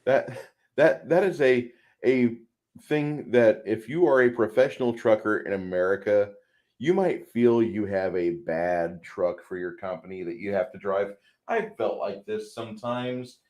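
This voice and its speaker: A man's voice: fairly low pitch, a little slow, darkish tone. A man co-hosting a casual movie podcast, rambling with frequent restarts and putting on voices for quotes. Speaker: podcast co-host; truck driver.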